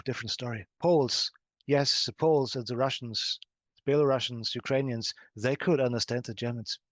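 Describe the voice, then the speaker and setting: A man answers questions in a hypnosis session in a measured, grave voice of middling pitch, often sinking to a murmur at the end of a thought. The recording is dry and close, with no room sound at all. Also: no room sound. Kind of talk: speaking in trance, answering questions.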